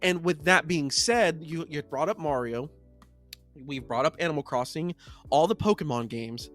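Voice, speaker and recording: A male podcast co-host telling gaming stories in casual chat, animated and getting loud when excited. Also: on the high side, normal speed, faint music behind.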